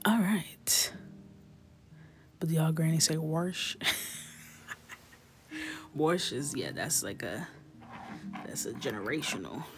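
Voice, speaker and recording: A woman's voice: deep voice, very animated, takes it slowly, pauses often. A woman hosting a coloring livestream, chatting casually, laughing and reacting to viewers' comments. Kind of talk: casual chat while coloring.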